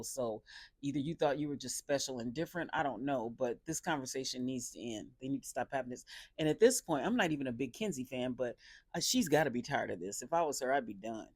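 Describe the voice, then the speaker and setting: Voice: mid-range voice, a little mellow, no echo. Chatty, opinionated recapper with a dry sound. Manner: chatty, opinionated, sarcastic asides; loose delivery with many fillers and restarts. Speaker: reality show reviewer. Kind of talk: casual episode recap.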